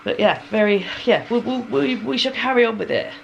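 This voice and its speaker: A woman's voice: fairly high pitch, lively intonation, brisk, creaky, lo-fi sound, slight background noise. Woman in her thirties, chatty home vlogger, rambling and giggly, slightly stuffy with a cold. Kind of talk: casual chat. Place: home kitchen.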